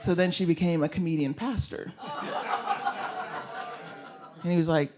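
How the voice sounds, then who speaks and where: Background noise accompanies a slightly high, steady male voice taking his time on stage. The stand-up comedian performs live at a comedy venue, self-mocking and blunt, swearing freely as he addresses the crowd directly.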